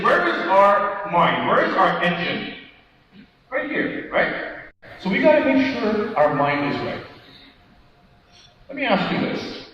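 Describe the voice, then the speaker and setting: A man giving a motivational keynote talk at a conference, animated, putting questions to the audience and acting out quotes. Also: high-pitched, a little hiss or hum. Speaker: keynote speaker. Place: large conference hall. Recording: echoey hall, distant mic, dull sound.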